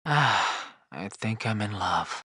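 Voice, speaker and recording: A man's voice: lowish voice, lively intonation, slow, pushed and bright, breathy edge, no echo, clean studio sound, heavily acted. An actor playing a flirtatious, wisecracking floating male skull, teasing and sarcastic in game dialogue.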